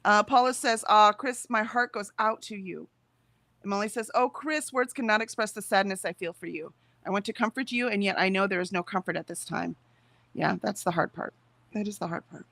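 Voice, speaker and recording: A woman with a medium-pitched, creaky, slightly bright voice talks a bit fast, with no room sound. She co-hosts a productivity stream, chatting casually, reading live chat comments aloud, and laughing a lot.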